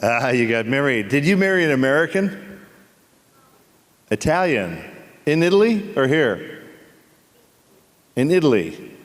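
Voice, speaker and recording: A man's voice: mid-range voice, big pitch swings. Teasing man bantering with a crowd. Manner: teasing, playful, quick asides. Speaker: actor on a convention panel. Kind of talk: comedic Q&A banter with the audience. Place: convention hall. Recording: echoey convention hall.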